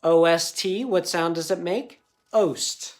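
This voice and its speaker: A man teaching a recorded phonics lesson for young students. He sounds out letters and words carefully and keeps checking in with a patient "okay?". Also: sits high. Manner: slow, patient, ends most sentences with a checking "okay?".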